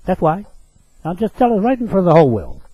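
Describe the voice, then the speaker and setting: A man's voice: sits high, huge pitch swings, fast, breathy edge, dry recording, muffled recording. A man delivering an angry, profane rant to camera. He accuses his target directly and repeats short phrases for emphasis.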